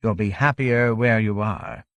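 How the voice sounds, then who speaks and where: A man voicing a breathy, unseen captor. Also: fairly low pitch, measured pace, no room sound. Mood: polite, menacing. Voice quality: breathy, insubstantial as wind. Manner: courteous, calm and menacing. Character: unseen breathy captor, soft-spoken and polite.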